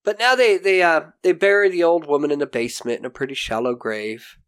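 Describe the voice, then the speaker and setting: A man co-hosting a podcast, recapping a TV episode in animated casual chat, swearing casually and acting out quotes. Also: a little high, fairly quick, slight background noise. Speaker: podcast co-host.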